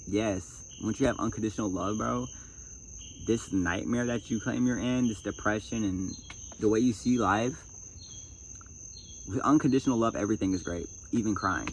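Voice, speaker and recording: A man's voice: fairly low pitch, normal speed, creaky, slight background noise, rough recording. A man in a casual spiritual talk, reading a self-help book aloud between emotional, preachy asides that repeat themselves, outdoors at night.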